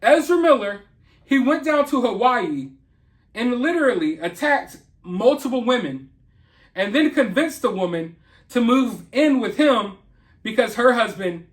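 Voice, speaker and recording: A man's voice: sits high, expressive, unhurried, fairly bright tone. A man hosting an opinion commentary vlog, talking in an indignant, emphatic and mocking way. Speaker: commentary channel host.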